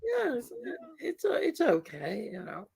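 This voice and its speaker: Lively high-pitched Yorkshire man. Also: creaky. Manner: chuckling, agreeable, quick to chime in. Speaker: livestream host reading viewer comments. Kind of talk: casual chat.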